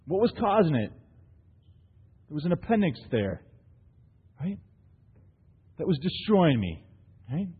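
A man's voice: fairly high pitch, very animated, a little slow, pauses often, breathy edge. A man preaching a sermon to his congregation, posing rhetorical questions and telling stories with frequent "right?" tags. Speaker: pastor. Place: church hall. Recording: long hall reverb, thin phone-like sound.

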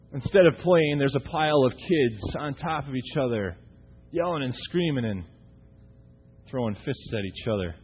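Husky pastor in an echoing church. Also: male voice, a little high. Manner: conversational, humorous, asks the congregation rhetorical questions. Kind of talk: sermon. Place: church sanctuary. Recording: tinny, echoey church recording.

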